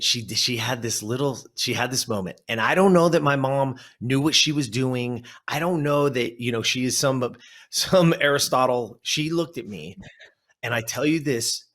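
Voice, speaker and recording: A man in his fifties from Southern California recounts a story as a guest on an interview show. He is an animated storyteller who acts out his memories. His voice sits at an ordinary male pitch. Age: 50s. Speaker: guest, life coach.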